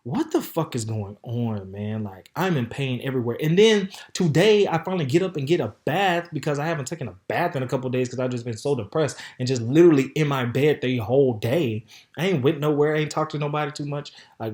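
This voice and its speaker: A man hosting a podcast, telling a candid story in a sassy, flamboyant way, with loud outbursts and low mutters. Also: a little fast. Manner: flamboyant, sassy, animated, calls listeners "baby" and "honey". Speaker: podcast host. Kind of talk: casual storytelling monologue.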